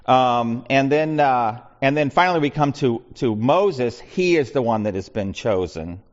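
A man's voice: medium pitch, expressive, unhurried. Man teaching Bible study, muffled recording. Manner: conversational, with frequent restarts and asides.

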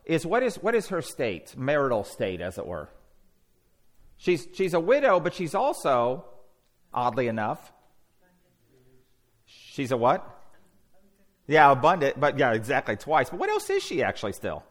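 A man teaching a Bible study class, animated and conversational, often putting questions to the group and restarting his sentences. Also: medium pitch, measured pace, pauses often.

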